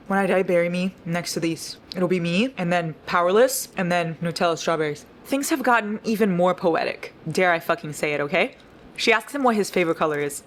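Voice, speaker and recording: A woman's voice: on the low side, slight background noise. A young woman vlogging about a book she is reading, gushing and dramatic, swearing freely as she talks. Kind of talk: casual reading vlog.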